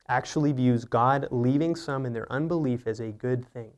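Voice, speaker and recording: A man's voice: mid-range voice, moderate pace, few pauses. A man preaching an earnest, teaching sermon, often asking rhetorical questions. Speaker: pastor.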